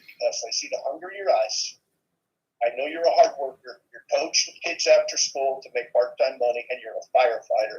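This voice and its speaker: A man with a faded New York accent, telling business stories in a casual chat, often checking in with "okay?" and "right?". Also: mid-range voice. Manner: storytelling, repeats words, asks "okay?". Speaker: guest. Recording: dull lo-fi sound.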